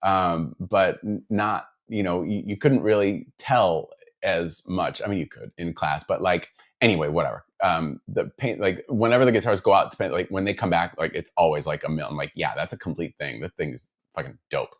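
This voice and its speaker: A very low-voiced man from the Midwest, talking casually to viewers on a live stream. He rambles, starts sentences over and fills pauses with ums as he reads out and answers their comments. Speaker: guitar builder streaming to viewers.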